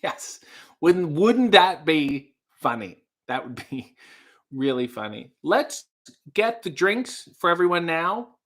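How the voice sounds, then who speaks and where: A man's voice: on the high side, very animated, slow pace, a bit bright, exaggerated voice. A man playing a flustered, polite waiter. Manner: stammering, awkwardly polite, nervous laughs. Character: flustered, overly polite male restaurant waiter. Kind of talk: improvised comedy sketch.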